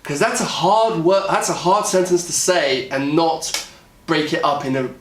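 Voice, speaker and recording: A man's voice: on the high side, normal speed, recorded from a distance. Hesitant British man in an echoey room. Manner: hesitant, thinking aloud with many fillers. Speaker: singer and music YouTuber. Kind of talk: casual explainer talk about a song. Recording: echoey room, voice a bit off-mic.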